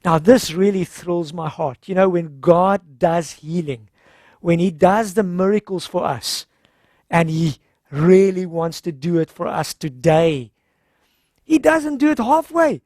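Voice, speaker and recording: Presenter, mid-pitched, retells Bible stories casually, dry close sound. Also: expressive, a little slow, darkish tone, no echo. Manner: retells scripture informally, acting out the characters' lines. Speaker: health seminar presenter. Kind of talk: conversational Bible-story sermon.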